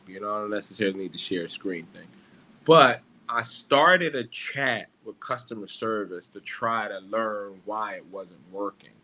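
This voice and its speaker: A young man chats alone on his livestream, wandering from thought to thought and poking fun at himself. His voice is bright and forward, and he swears and laughs easily. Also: on the low side. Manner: rambling, self-deprecating, swears freely, laughs often. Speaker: livestream host. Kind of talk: casual solo livestream chat.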